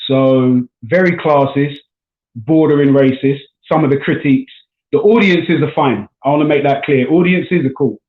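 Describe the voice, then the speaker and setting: A man's voice: fairly high pitch, normal speed. A man from South London with a South London accent, a stand-up comedian chatting casually on a video call. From South London, England. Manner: relaxed, chatty, says man and bro often. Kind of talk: casual chat. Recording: echoey, tinny call audio.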